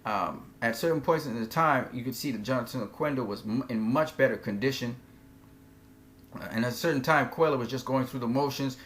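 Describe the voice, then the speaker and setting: A man giving an opinionated, conversational recap of weekend boxing results, slowing down to stress names and points. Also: medium pitch, fairly bright tone. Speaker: boxing commentator. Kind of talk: casual fight recap.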